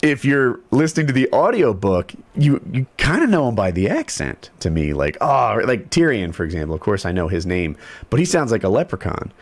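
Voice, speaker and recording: A man's voice: on the low side, brisk, no room sound. A man co-hosting a podcast, telling self-mocking stories in casual banter. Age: adult. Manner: animated, self-mocking storyteller. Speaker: podcast co-host.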